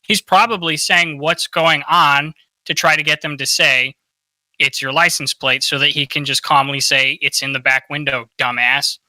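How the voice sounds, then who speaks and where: A man's voice: on the high side, fairly even intonation, moderate pace, bright, forceful tone, no room sound, poor audio. A man co-hosting a podcast, giving blunt, opinionated casual commentary on video clips. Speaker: podcast co-host.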